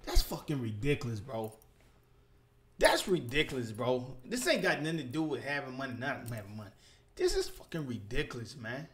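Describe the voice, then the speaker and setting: A young man rants in a casual gaming vlog. His pitch swings wide, jumping from low grumbles to high outbursts. He is profane and animated, with sudden loud bursts. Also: normal speed. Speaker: gaming vlogger.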